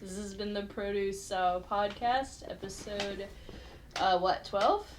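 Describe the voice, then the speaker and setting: A woman's voice: medium pitch, takes it slowly, a little hiss or hum. A young woman co-hosting a casual podcast, giggly and teasing. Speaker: podcast co-host. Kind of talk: casual chat.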